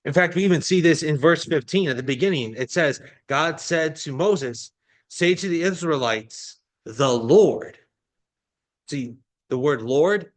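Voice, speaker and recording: A male pastor delivering a sermon, explaining a Bible passage in a teaching manner with frequent restarts. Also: medium pitch.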